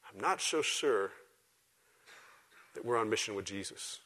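A man preaching a sermon to a church congregation, swinging from loud, emphatic exhortation to quiet, intimate asides. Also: lowish voice, expressive, a little slow. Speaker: pastor. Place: church service before a congregation.

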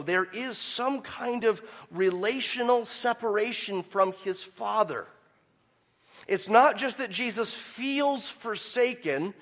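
A man preaching a sermon, swinging from quiet, measured explanation to loud, impassioned peaks when he quotes scripture. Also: extremely high pitch. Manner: impassioned preaching, rising to near shouts on quotes. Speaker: pastor.

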